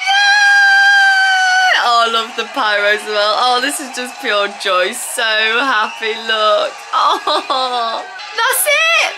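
A woman gushing and squealing excitedly as she reacts to a dance show on TV. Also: on the high side, slow pace, hardly any pauses, rough recording. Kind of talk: watch-along reaction chat. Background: TV show with music playing.

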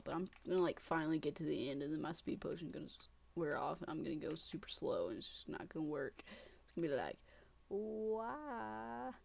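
A woman giving casual, excitable gameplay commentary, talking to herself and running herself down, swinging from muttering to shrieking. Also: fairly low pitch, gravelly. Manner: self-deprecating, talks to herself. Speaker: gaming channel host.

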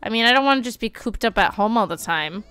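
A woman streaming live, commenting on a life-sim game with animated outbursts and quick read-outs. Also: fairly high pitch, smooth, no echo.

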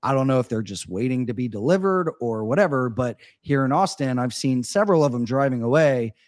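Casual co-host, male, relaxed storyteller, mid-pitched, dry close mic. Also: a little fast, no echo. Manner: laid-back, storytelling with lots of "like" and "man". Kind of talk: casual chat. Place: Austin.

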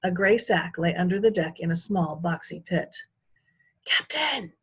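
Calm, slightly husky woman reading aloud. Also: lowish voice, moderate pace. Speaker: teacher. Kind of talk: children's book read-aloud.

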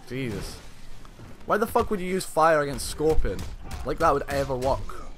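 A man's voice: a little high, sing-song, moderate pace, fairly bright tone, a little hiss or hum. A young man doing let's play commentary over a fighting game, swearing a lot and breaking into frustrated outbursts. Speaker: gaming channel host.

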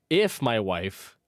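An amused man co-hosting a casual podcast, often laughing while he reads titles aloud. His voice moves widely in pitch around a middle center, recorded dry and close. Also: no room sound. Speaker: podcast co-host. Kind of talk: casual chat.

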